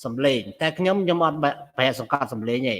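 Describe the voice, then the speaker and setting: Guy teaching english, reads out example lines then explains, kinda high voice, lots of ups and downs. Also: expressive, racing. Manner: reads example sentences aloud then explains stress in Khmer. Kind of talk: classroom lesson mixing English and Khmer. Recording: long reverb in the room.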